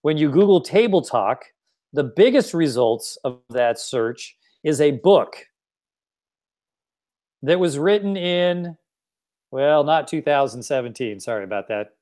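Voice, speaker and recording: A man's voice: fairly high pitch, animated, unhurried, darkish tone. Guy running a lil quiz game, laughs a lot, voice bounces all over. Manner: laughs often, teasing. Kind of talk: playful quiz hosting.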